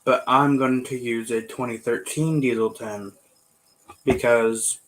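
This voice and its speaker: Male speaker, slow and rambling, casual talk full of fillers. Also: medium pitch, steady tone, low-quality recording. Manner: rambling, halting, many fillers and self-corrections. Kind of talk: casual chat.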